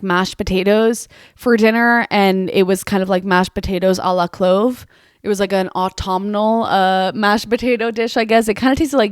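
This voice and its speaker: A young woman talks through a casual monologue on her podcast, chatty and self-mocking, with "like" all through her lines. Her voice sits at an ordinary middle pitch. The sound is dry and close, with no room around it. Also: smooth, no echo. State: sore mouth after dental surgery. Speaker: podcast host.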